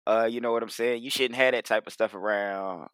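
A man co-hosting a podcast, chiming in on a shared story in an excitable, laughing, profane way. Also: medium pitch, fairly quick, clean tone, no room sound, clean studio sound. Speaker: podcast co-host. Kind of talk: casual chat.

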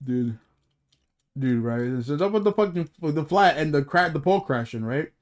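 A man's voice: on the high side, expressive, moderate pace. A young man co-hosting a casual podcast chat, ranting about his week with lots of profanity and restarts. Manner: profane, rambling complaints with restarts. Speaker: podcast co-host.

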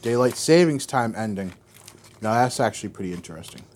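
A man's voice: fairly low pitch, expressive, fairly quick, darkish tone, slight background noise. A man co-hosting a casual podcast, teasing and mumbling, tired. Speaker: podcast co-host. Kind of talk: casual chat.

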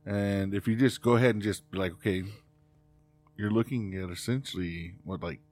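A man with a fairly low voice jokes around on a podcast, laughing often. He keeps the conversation rolling with new topics. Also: moderate pace, darkish tone, soft background music. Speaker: podcast co-host. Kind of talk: casual chat.

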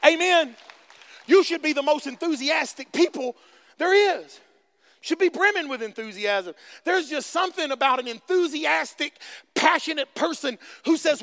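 A male pastor preaching with high energy, his voice sitting very high and ringing bright. He calls out to the crowd and hammers his points home by repeating them. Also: animated, normal speed. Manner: calls out to the congregation, repeats phrases for emphasis.

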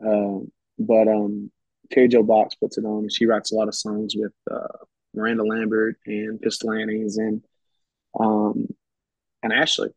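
A man's voice: fairly low pitch, monotone, a little slow, husky, dry recording. A man talking as a podcast guest, telling stories in a rambling, casual way and restarting his phrases often. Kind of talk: casual storytelling chat. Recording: dull, slightly muffled sound.

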